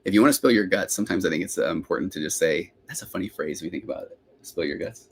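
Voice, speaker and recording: Middle-aged man, lowish voice, quick rambling therapist host on a live Q&A podcast. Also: vocal fry, a little hiss or hum. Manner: rambling, self-interrupting, chatty.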